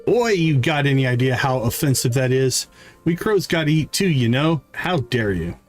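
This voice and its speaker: A scornful little crow, greedy and sharp-tongued, with a voice that swoops around, as a man plays her. She sneers at everyone she meets in this farming game, lively and insulting. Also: mid-range voice, normal speed, soft background music, natural voice. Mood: indignant.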